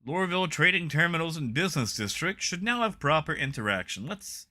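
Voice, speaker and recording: Reading patch notes aloud to his live-stream audience, a young man keeps things relaxed and casual, adding dry, wry asides. His voice is bright and forceful, his pitch swings widely, and he speaks a little fast.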